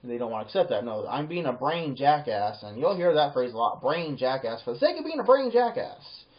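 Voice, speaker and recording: A man's voice: mid-range voice, very animated, fairly quick. A man telling a personal story to camera in a casual, rambling way, often repeating words and acting out the back-and-forth of conversations. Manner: rambling, repeats words, acts out quoted exchanges. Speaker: vlogger. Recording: dull lo-fi home recording.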